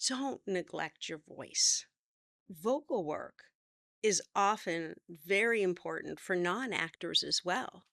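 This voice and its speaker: A middle-aged woman acting teacher explaining voice work in a relaxed, conversational way. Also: on the low side, creaky, dry recording, clean studio sound. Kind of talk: talking to camera, teaching.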